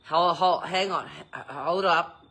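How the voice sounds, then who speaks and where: A woman's voice: on the low side, slow, creaky, bright, forceful tone, breathy edge. A middle-aged woman, chatting casually to her viewers, laughing often and swearing freely as she jokes about herself. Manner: giggly, swears freely, self-mocking. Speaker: vlogger. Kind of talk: casual chat.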